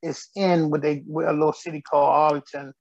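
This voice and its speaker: Gravelly joking comedian, quick laughs. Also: male voice, fairly high pitch, level tone, a little mellow, dry recording, lo-fi sound. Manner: laughs often, loose storytelling delivery. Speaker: comedian guest. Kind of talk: joking radio interview chat.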